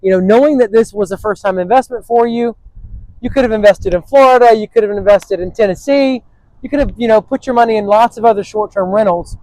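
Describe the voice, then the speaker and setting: A man's voice: high-pitched, fairly quick, mellow, dry recording, low-quality recording. A man hosting an interview, talking about property in an upbeat, salesy way that repeats phrases. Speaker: host and real estate agent.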